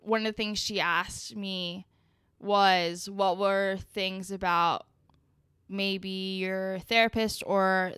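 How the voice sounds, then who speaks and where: A woman talks in a relaxed, chatty way, spinning personal stories with plenty of fillers and a lively lilt. Her voice is smooth and resonant, recorded close and dry with no room around it. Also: mid-range voice, slow pace, no room sound. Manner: chatty, animated storytelling with frequent fillers. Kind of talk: casual chat.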